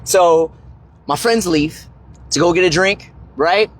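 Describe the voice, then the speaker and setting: Profane young man telling a story. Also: slow pace. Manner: rambling, profane, constant "right?" tags; voice leaps high when excited. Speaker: fitness and finance creator. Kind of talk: casual storytelling livestream.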